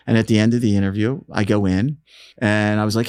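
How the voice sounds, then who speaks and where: A man guesting on an interview, telling anecdotes in a casual, animated way and acting out the people he quotes. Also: fairly low pitch, a little fast, smooth, no echo, clean studio sound. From United States. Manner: animated storyteller, acts out quoted voices. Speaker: radio programming manager, interview guest.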